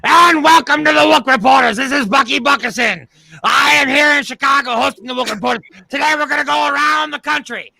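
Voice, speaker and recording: A shrill, gravelly blowhard TV host. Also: male voice, fairly quick, exaggerated voice. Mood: blustering. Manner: loud, blustering, pushy. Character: brash adult male TV panel host. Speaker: comic news panel host. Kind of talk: comedy sketch, mock panel show.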